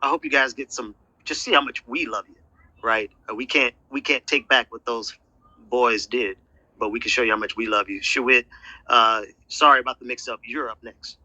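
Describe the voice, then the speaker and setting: A soft-spoken man hosting an online audio discussion, hesitant and supportive. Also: medium pitch, fairly even intonation, moderate pace, dry recording, rough recording. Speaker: host of the discussion. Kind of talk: casual chat.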